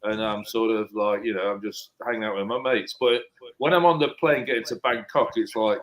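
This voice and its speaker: A man's voice: lowish voice, steady tone, fairly quick, fairly bright tone, poor audio. A man in his fifties, telling a story in casual chat and hamming it up for effect. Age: 50s. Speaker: panel guest.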